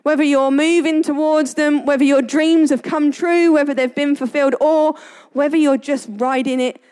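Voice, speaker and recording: A woman's voice: sits high, fairly even intonation, normal speed, mellow. A woman giving a casual devotional talk, telling family stories in a chatty way and often laughing. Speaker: Christian speaker.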